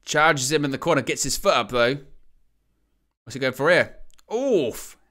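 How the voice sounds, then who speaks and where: Guy doing live wrestling play-by-play, bright voice, jokey and excitable. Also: medium pitch, unhurried. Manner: joking, excitable play-by-play with laughs. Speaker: watch-along host. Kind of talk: live wrestling watch-along commentary.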